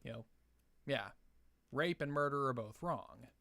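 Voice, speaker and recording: A man's voice: mid-range voice, unhurried, vocal fry, sharp tone, dry recording. A young man hosting a casual live stream Q&A, answering chat questions in a hesitant way with many fillers and restarts.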